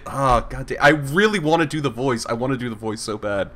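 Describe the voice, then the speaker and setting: A man's voice: mid-range voice, a little fast, few pauses, a bit bright, a little hiss or hum. A man running a live tabletop game stream as game master, chatty and self-mocking.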